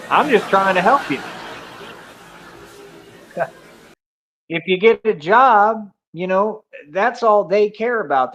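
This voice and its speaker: A man's voice: sits high, a bit bright. A man streaming casually, rambling and joking, laughing often and filling with "like". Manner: joking, boastful.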